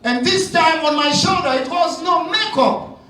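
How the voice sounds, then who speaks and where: A man with a Haitian accent preaching a sermon, swinging from shouted, sung cries to hushed near-whispers. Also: very high-pitched, measured pace, very echoey, distant mic, soft background music, rough recording. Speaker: pastor.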